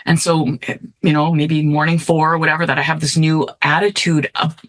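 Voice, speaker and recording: A woman's voice: sits low, flat delivery, moderate pace, fairly bright tone. Earnest middle-aged woman telling a story. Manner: earnest, reflective, often adds "right?". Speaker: podcast guest. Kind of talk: storytelling in conversation.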